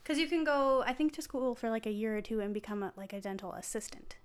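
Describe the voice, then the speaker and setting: A young woman co-hosting a podcast, chatting casually and reacting with quick questions and laughs. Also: a little high. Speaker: podcast co-host. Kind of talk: casual chat.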